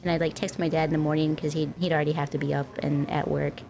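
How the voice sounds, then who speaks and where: A woman's voice: low voice, flat delivery, fast, creaky. Giggly young woman chatting with viewers. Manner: rambling and giggly. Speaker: streamer. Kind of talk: casual chat with viewers. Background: faint music.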